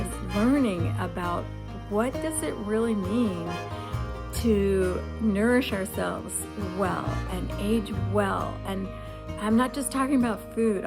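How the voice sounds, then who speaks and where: A woman's voice: mid-range voice, creaky. A woman in her seventies talking candidly and reflectively in a casual personal vlog. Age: 70s. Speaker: lifestyle vlogger.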